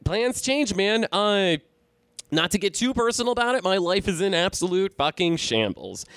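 A man's voice: sits high, lively intonation, moderate pace, fairly bright tone, smooth, no room sound. A man, co-hosting a casual podcast, rambling loosely and swearing freely into a close mic. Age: 30s. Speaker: podcast co-host.

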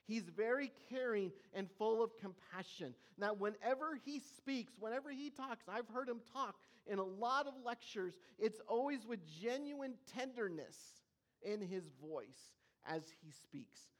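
A preacher delivering a sermon in an earnest, emphatic manner, slowing down and pausing on key words. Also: medium pitch, expressive. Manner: earnest, emphatic, with slow weighty pauses.

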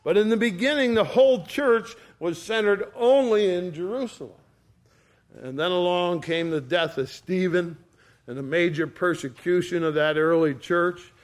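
A male pastor delivering a sermon in a warm storytelling manner, leaning on homely anecdotes to carry his point. His voice sits a little higher than most men's. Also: moderate pace. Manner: folksy storytelling.

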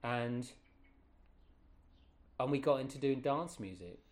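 A middle-aged man, a guest telling stories in a casual, animated way with many fillers. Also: medium pitch, slow pace. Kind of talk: casual anecdotal storytelling.

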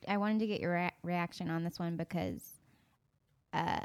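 A woman's voice: fairly low pitch, normal speed, dry recording. A young woman co-hosting a music podcast, laughing often and asking curious questions in casual chat. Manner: giggly, curious, asks lots of questions. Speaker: podcast co-host.

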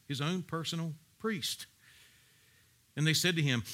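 A man's voice: on the high side, measured pace, pauses often, pushed and bright. A man preaching a sermon, asking the congregation pointed questions and reading Bible verses aloud. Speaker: pastor.

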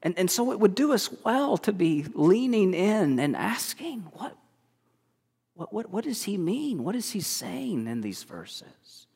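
Male pastor, high voice, earnest sermon delivery with frequent restarts, church hall reverb. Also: sing-song, vocal fry, a little mellow, breathy edge. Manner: earnest, halting with many repeated words.

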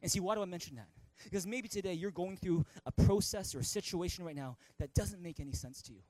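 Male pastor, high voice, dry close sound, stammering storytelling sermon. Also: fast talker, darkish tone, dry recording, rough recording. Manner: storytelling, many stammered restarts. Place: church.

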